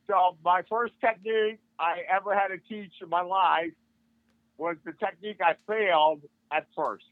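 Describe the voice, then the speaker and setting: An older man with a notably high voice tells a story in a lively, casual way, slipping into the voices of the people he quotes. He is a martial arts instructor appearing as a podcast guest. He comes through a thin, phone-like line with no room sound at all. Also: moderate pace, no echo. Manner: animated, acts out quoted dialogue. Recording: tinny phone-like line, dry.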